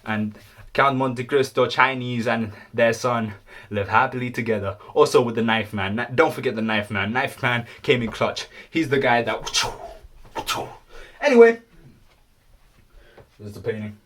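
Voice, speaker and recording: A young man rambles through a story retelling for his vlog, loose and slangy. He stumbles on ums and restarts as he goes. His voice sits at an average, unremarkable pitch. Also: measured pace, fairly bright tone. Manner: puts on squeaky high voices for quoted characters. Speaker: vlogger.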